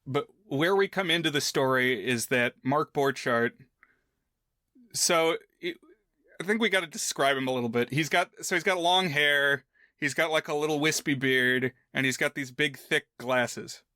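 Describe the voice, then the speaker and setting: A man's voice: a little high, moderate pace, bright, forceful tone, no echo, studio quality. A man co-hosting a film podcast, talking casually and conversationally with frequent fillers. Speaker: podcast co-host.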